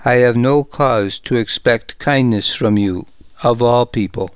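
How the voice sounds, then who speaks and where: A man voicing a proud, wronged young royal woman in an audiobook, keeping her lines low and restrained. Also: a little slow, smooth, dry recording, lightly acted. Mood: tearful.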